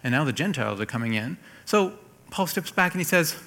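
A man preaching a sermon, explaining scripture verse by verse, lifting his voice for emphasis and then dropping it soft. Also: fairly high pitch, animated, brisk.

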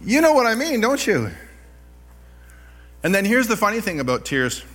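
A middle-aged man preaching a sermon, telling personal stories with animated delivery and self-deprecating laughs. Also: sits high, normal speed, faint music behind. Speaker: pastor.

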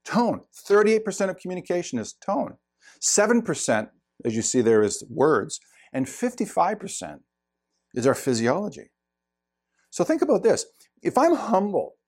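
Earnest pastor, fairly high voice. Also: male voice. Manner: earnest and emphatic, repeats words for stress. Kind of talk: sermon.

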